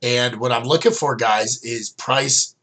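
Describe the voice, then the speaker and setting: Bright-voiced man coaching forex trades. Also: medium pitch, measured pace. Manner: loose, rambling, many fillers and restarts. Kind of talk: casual screen-share chart review.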